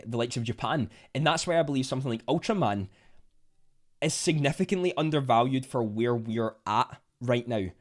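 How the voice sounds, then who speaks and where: A Scottish man hosting a casual livestream, chatting to viewers in a rambling way and often restarting his sentences. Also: medium pitch. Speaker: livestream host reading chat. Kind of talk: casual live chat.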